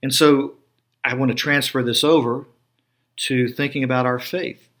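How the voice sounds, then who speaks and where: A middle-aged man, a pastor giving sermon-style podcast teaching with an emphatic preaching cadence, slowing down on stressed words. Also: medium pitch, steady tone, a bit bright.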